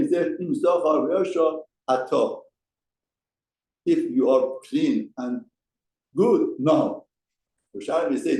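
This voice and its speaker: A man's voice: on the high side, warm tone, echoey room, rough recording. A man giving a mussar lesson as a rabbi, speaking emphatically and asking rhetorical questions. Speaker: rabbi teaching a Torah class. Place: study hall.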